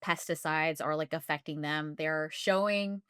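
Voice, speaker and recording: A woman's voice: low-pitched, steady tone, a little slow, a bit bright, clear, resonant tone, no echo, studio quality. A woman co-hosting a podcast in casual chat, rambling with lots of fillers and frequent laughter. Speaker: podcast co-host.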